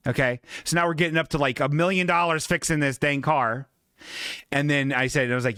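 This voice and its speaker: A man's voice: fairly high pitch, steady tone, brisk, sharp tone, smooth, dry recording, clean studio sound. A man hosting a comedy podcast, telling a rambling, profane, self-mocking story in a casual way. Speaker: podcast host.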